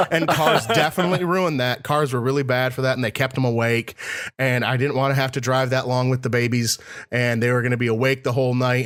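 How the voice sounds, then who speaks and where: A man's voice: medium pitch, fairly bright tone. A young man from Michigan co-hosting a podcast, telling rambling anecdotes in casual chat with quoted dialogue and asides. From Michigan, USA. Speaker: podcast co-host.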